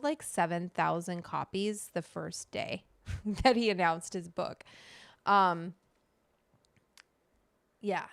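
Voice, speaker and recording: Gravelly-voiced woman hosting a casual livestream. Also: medium pitch, dry recording. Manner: chatty, swears freely, greets viewers by name. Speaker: livestream host.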